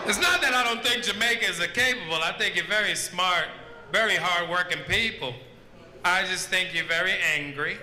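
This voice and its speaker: A man's voice: high-pitched, echoey room, big-room sound, heavy background noise. A man doing stand-up with mock-angry, punchy delivery. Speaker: stand-up comedian. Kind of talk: stand-up comedy.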